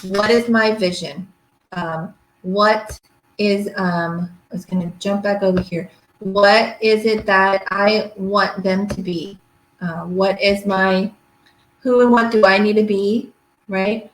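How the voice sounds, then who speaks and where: Middle-aged woman, pediatric therapist running a parenting workshop; chatty, keeps checking in, mid-pitched, roomy echo. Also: steady tone, slow pace. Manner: chatty, checks in with listeners often. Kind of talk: casual workshop lecture. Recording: echoey room.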